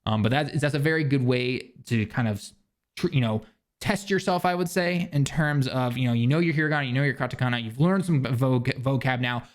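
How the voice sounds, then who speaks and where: A man's voice: medium pitch, fairly quick. Casual rambling man giving language tips. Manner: loose and rambling, many fillers and restarts. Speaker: language learning vlogger. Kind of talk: casual instructional talk. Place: living in Japan.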